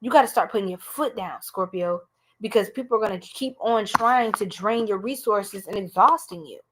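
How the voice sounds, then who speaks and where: A woman with a New York accent giving a blunt, animated live tarot reading, talking straight to her viewers. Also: mid-range voice, moderate pace, a little hiss or hum. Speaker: tarot reader.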